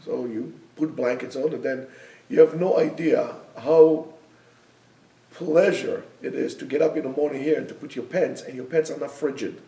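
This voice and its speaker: Animated man lecturing. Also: medium pitch, moderate pace, recorded from a distance. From Israel. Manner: animated storytelling, bursts of loud emphasis. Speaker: yeshiva teacher. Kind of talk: classroom lecture. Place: classroom. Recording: echoey room, speaker away from the mic.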